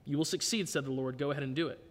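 A man's voice: medium pitch, racing, in a large hall, pitched below the performer's own voice, natural voice. A man reading as a solemn ancient prophet. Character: defiant ancient prophet speaking hard truths.

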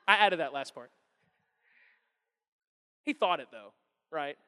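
A man in his thirties preaching a sermon as a pastor, animated and acting out quotes in different voices. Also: a little high, slow, long pauses, clear, resonant tone. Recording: long reverb of a large hall.

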